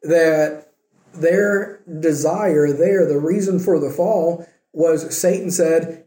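A man preaches a sermon to his congregation with a relaxed, chatty delivery, checking in with them through little rhetorical questions. His voice sits slightly high but sounds warm and mellow. The room around him rings with echo. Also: slow. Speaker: pastor. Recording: roomy echo.

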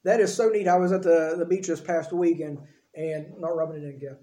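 A man's voice: on the high side, fairly even intonation, brisk, mellow, reverberant. A man preaching a conversational sermon, acting out quoted dialogue as he talks. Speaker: pastor.

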